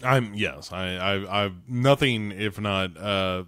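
A man's voice: fairly low pitch, slow pace, no echo. A man co-hosting a podcast, casually recapping a TV episode and acting out the characters' lines with lots of swearing. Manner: animated, acts out characters' lines in bursts, swears freely. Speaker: podcast co-host recapping a TV show. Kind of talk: casual chat.

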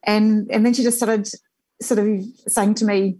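A woman's voice: a little high, normal speed, poor audio. Chatty New woman telling stories. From New Zealand. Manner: animated anecdotes with frequent fillers and laughter. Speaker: journalist guest. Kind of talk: conversational interview storytelling.

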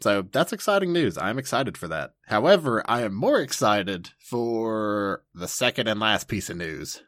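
A man's voice: on the low side, sing-song, normal speed, a bit bright, no echo, clean studio sound. An enthusiastic man co-hosting a casual anime podcast, playful and laughing often. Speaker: podcast co-host.

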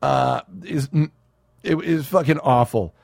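A man co-hosting a casual podcast chat, animated and swearing freely, often mimicking other people's voices. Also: mid-range voice, slow, gravelly, dry recording, studio quality. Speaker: podcast co-host.

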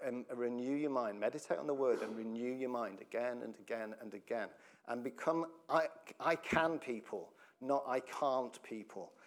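A man preaching a sermon as pastor, chatty and joking, often laughing and asking the congregation questions. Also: mid-range voice. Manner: jokey, laughs often, breaks up mid-sentence; conversational, asks the congregation questions.

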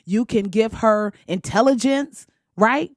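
Blunt, animated young woman vlogging. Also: a little high, takes it slowly, no echo, studio quality. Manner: blunt, profane and animated, laughing often. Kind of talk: candid casual monologue.

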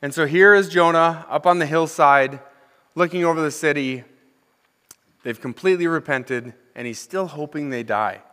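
Young guy preaching a sermon, kinda high voice, reads scripture then jokes and asks the room stuff, long church echo. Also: moderate pace, fairly bright tone, clear, resonant tone. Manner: conversational, asks the congregation questions. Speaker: associate minister. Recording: long hall reverb.

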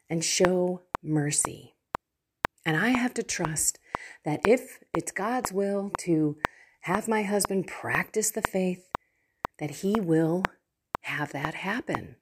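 A woman's voice: lowish voice, heavy background noise. A middle-aged woman sharing a heartfelt personal reflection on faith and trust, speaking earnestly to her viewers. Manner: earnest, heartfelt, slow and soft at times. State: tearful at moments. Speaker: faith coach and host. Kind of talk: personal spiritual reflection to camera.

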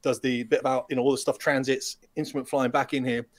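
A middle-aged man, a retired pilot, telling lively anecdotes as a podcast guest and acting out the dialogue. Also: mid-range voice, fast. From United Kingdom. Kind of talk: storytelling in a podcast interview.

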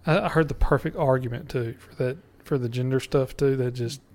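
A man's voice: medium pitch, brisk, a little mellow. A man, co-hosting a casual podcast, blunt and swearing freely with frequent laughs. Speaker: podcast co-host. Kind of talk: casual chat.

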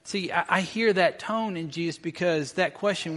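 Man, pastor, sermon, lively storytelling, slightly high voice, long hall reverb. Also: moderate pace. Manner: storytelling, acts out quotes with rising intensity.

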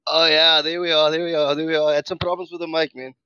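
A man from South Africa chats in a laid-back way, tossing in "man" at the end of his lines. His voice is high and bright with a sharp edge, recorded dry and close. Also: level tone, fast, clean tone, dry recording, lo-fi sound. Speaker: caller. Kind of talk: casual chat.

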